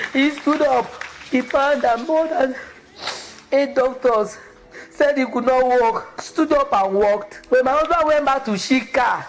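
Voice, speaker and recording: A woman with a Nigerian accent giving a fervent church testimony, breaking into high exclamations. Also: low-quality recording. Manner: fervent, exclamatory, with sudden high emotional cries. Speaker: testimony giver.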